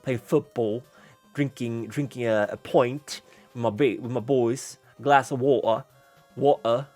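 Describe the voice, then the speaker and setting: A man putting on a British accent to voice a cheeky young cat boy, loud and bouncy with repeated phrases. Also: medium pitch, fairly even intonation, measured pace, soft background music, natural voice. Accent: British (put-on).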